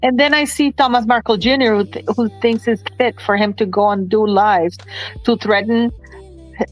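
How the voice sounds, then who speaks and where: A woman's voice: on the high side, fairly even intonation, soft background music, rough recording. A woman talking in a casual livestream chat, emotional and indignant, often stumbling and restarting her sentences. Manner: halting, many restarts, tearful and indignant. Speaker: commentator on a livestream.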